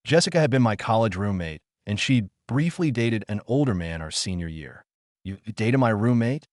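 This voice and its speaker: A man narrating a first-person story in a steady, measured reading. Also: fairly low pitch, no echo, studio quality.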